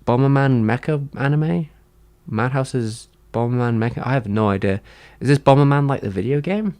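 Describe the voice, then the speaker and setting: A man's voice: mid-range voice, moderate pace, darkish tone. A man chatting casually on a livestream, answering his chat in a rambling, hesitant way with many fillers and restarts.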